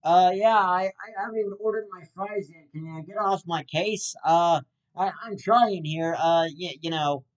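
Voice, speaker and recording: A man's voice: high-pitched, moderate pace, lo-fi sound. A young man hosting his own show, ranting in a rambling comedic monologue that is full of stammers and swearing. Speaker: host.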